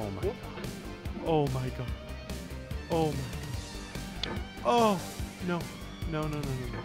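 Slow-talking man in fretful gameplay commentary. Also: fairly high pitch, big pitch swings. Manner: anxious exclamations, pleading and cursing at the game. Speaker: gaming video creator. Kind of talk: let's play commentary. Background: game music.

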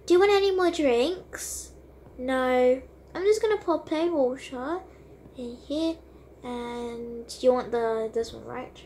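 A woman's voice: high-pitched, takes it slowly, warm tone, slight background noise. A woman playing and narrating a toy role-play game, talking casually to her viewers.

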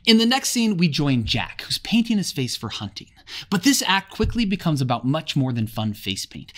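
A man giving a casual book summary for a lesson, with wry, sarcastic asides. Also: medium pitch. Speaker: literature explainer for teachers and students.

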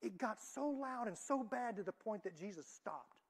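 A woman preaching a church sermon in a voice of middle pitch. She builds some lines to loud, emphatic peaks and drops others almost to a hush. Her delivery is dynamic and insistent. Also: lively intonation, moderate pace, slightly rough.

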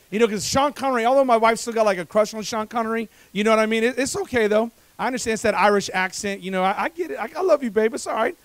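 Male pastor, high voice, lively sermon, talks to the crowd, stumbles and repeats words. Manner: energetic, conversational, jokes with the congregation, asks rhetorical questions; repeats words when speeding up. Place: church service.

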